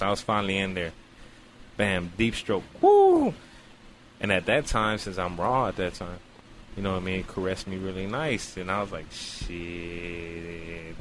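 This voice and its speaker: A podcast host with a low voice tells a long comic story in casual, profane slang, animatedly acting out the voices of its characters. There's slight background noise.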